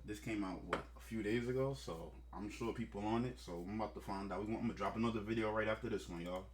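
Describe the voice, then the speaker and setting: A man with a fairly low voice talks through a story in casual reaction commentary. He breaks off into joking, profane asides and speaks bluntly. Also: fast. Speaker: commentary host.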